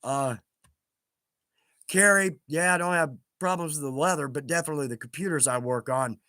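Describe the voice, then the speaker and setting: Chatty man with bright, high voice. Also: moderate pace, dry recording, studio quality. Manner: chatty, self-deprecating, laughs often. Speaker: livestream host reading viewer comments. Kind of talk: casual livestream chat.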